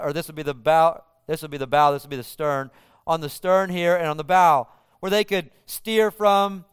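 A male pastor with a fairly high, smooth and resonant voice delivers a sermon. He tells the story vividly, building the scene for his listeners. The sound is close and dry. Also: no room sound.

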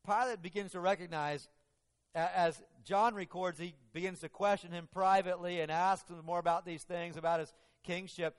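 A man preaching a sermon, telling the story in an animated way and acting out the quotes. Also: high-pitched, normal speed, big-room sound. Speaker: pastor.

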